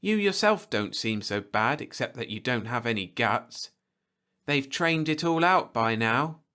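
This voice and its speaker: A man reading a storybook aloud, voicing a proud, fiery young frontier woman who talks in a sharp, lecturing way. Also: mid-range voice, animated, a little slow, pitched above the performer's own voice. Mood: scolding.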